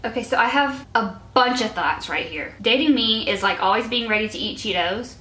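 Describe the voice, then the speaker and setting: A woman's voice: on the high side, moderate pace, bright, forceful tone. A young woman in her twenties chatting casually as a vlogger, reading old notes aloud and giggling at herself in a self-mocking way. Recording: echoey room.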